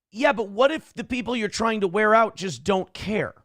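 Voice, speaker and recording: A man hosting a comedy talk show, reacting to clips with sarcastic, profane commentary and animated storytelling. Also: high voice, brisk, few pauses, no room sound, studio quality. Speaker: morning show host.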